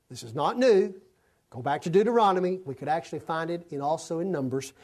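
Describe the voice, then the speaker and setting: A man's voice: on the high side, animated, a little fast, a little mellow. A male preacher giving an expository sermon, reading scripture aloud and breaking into folksy, conversational asides. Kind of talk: sermon, expository Bible teaching.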